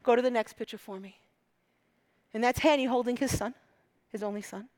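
A woman from Egypt preaching a sermon with passion, dropping to hushed whispers and rising to loud emphatic peaks. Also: a little high, steady tone, fairly quick.

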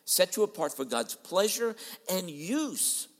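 A man's voice: high voice, big pitch swings, takes it slowly. Man preaching in an echoey hall. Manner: dramatic preaching, acts out quoted voices, swings loud and soft. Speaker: pastor. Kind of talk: sermon. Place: large church hall.

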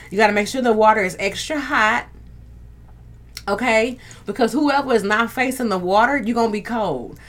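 A young woman hosting a casual livestream, bantering with viewers, reading their comments aloud and laughing often. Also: a little high. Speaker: livestream host. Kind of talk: casual live chat.

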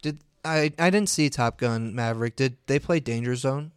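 A man's voice: medium pitch, moderate pace, clear, resonant tone, no echo, clean studio sound. Playful teasing man co-hosting a podcast. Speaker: podcast co-host. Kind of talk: casual podcast chat.

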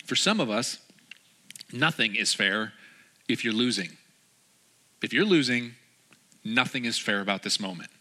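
Male pastor, 30s, bright and forceful, animated sermon delivery with acted-out quotes. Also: mid-range voice, measured pace, pauses often. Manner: animated, acts out quotes in changed voices.

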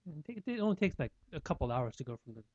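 Higher-voiced mellow guy, laughs a lot, animated, dry muffled mic. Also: fast, husky, no room sound. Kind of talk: casual chat.

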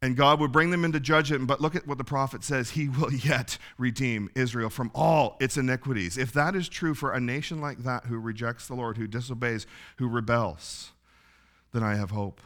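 A male pastor delivers a sermon in a relaxed, folksy storytelling manner. His voice is bright and forward, and he laughs softly now and then as he talks. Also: medium pitch, normal speed. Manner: folksy storytelling, chuckles often.

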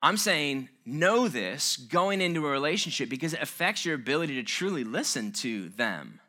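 A man's voice: fairly high pitch, big pitch swings, moderate pace, bright, forceful tone. A man giving an informal talk on relationships, earnest and conversational, with self-mocking asides. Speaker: speaker on relationships.

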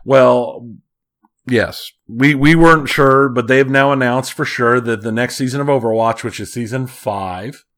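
A man hosting a podcast, chatting casually and running through gaming news in a relaxed way. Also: mid-range voice, a little slow. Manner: relaxed, with frequent restarts. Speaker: podcast host. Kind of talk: casual chat and news rundown.

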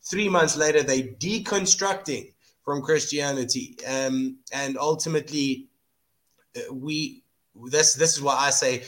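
A man's voice: mid-range voice, measured pace, fairly bright tone. A man hosting a podcast, talking through scripture in an earnest, casual way and often repeating words while he thinks. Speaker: podcast host. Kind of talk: casual Bible discussion.

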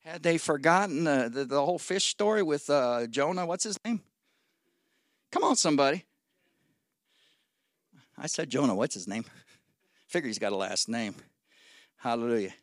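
A man in his sixties preaching a sermon as guest pastor, folksy and exhorting, swinging between loud shouts and low asides. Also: sing-song, normal speed, pauses often, no echo, studio quality. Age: 60s. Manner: folksy, exhorting with 'come on, somebody'.

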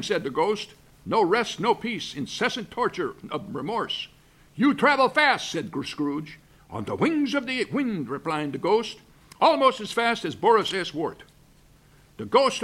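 A man playing a grumpy curmudgeon who reads a holiday story aloud with gruff asides and chuckles. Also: high voice, fairly bright tone, full character voice. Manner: gruff asides, chuckling, stumbling over words. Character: grumpy Scrooge-loving male curmudgeon reading a story. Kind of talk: comic reading of a holiday story. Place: backstage at a museum.

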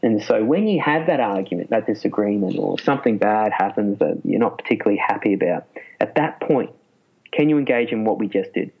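Animated man, husky lo-fi voice. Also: lowish voice, brisk. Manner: animated, laughs often. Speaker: clinical psychologist guest. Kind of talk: casual interview talk. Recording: muffled lo-fi sound.

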